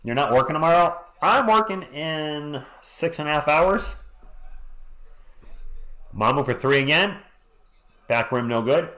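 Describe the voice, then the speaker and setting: Hoarse male stream host, casual play-by-play with lively pitch, greets chat by name. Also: measured pace, long pauses. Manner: chatty, greets chat viewers by name between plays. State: hoarse, losing his voice. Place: home at night.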